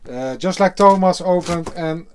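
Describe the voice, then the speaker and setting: Halting Dutch-accented man, slow and hesitant. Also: high-pitched, a little mellow, slight background noise. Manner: hesitant, halting, full of fillers, casually swearing. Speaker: beer reviewer. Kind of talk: casual unboxing vlog.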